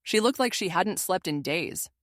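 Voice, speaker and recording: Woman, lower voice, steady scripted story narration, dry close recording. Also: normal speed, dry recording.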